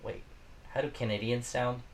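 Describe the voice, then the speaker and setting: A man's voice: medium pitch, little pitch movement, normal speed, recorded from a distance, slight background noise. Rambling man live-streaming from his garage. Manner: rambling, chatty, talks to viewers. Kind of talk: casual live-stream chat.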